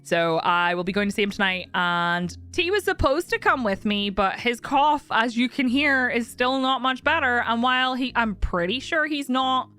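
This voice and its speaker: A woman's voice: on the high side, animated, moderate pace, few pauses, sharp tone, clear, resonant tone, faint music behind. A young woman streaming and chatting casually with viewers, candid and talkative, laughing often.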